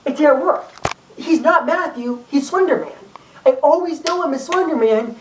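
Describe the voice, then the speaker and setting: A young woman talks casually to a camera, rambling and chatty, her speech full of fillers and asides. Her voice sits a little high. She is picked up from a distance in a room with a noticeable echo. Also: moderate pace, a little hiss or hum. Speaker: YouTube vlogger. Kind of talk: casual talk to camera about a book. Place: room, filmed by a camera person. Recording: echoey room from far off.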